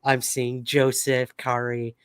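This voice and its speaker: A man hosting a livestream wrap-up, chatting in an upbeat and casual way with plenty of "um"s. His voice sits at an ordinary middle pitch and sounds dry and close, with no room echo. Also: completely flat delivery, slow, a bit bright, clean tone. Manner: upbeat, chatty, many fillers. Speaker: podcast host.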